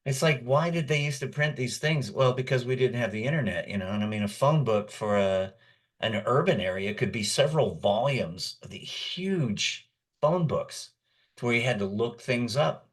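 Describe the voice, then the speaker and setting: A man's voice: mid-range voice, expressive, normal speed, husky. A man in his sixties, a guest voice actor, telling long rambling anecdotes with chuckles in a casual chat. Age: 60s. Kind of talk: casual storytelling.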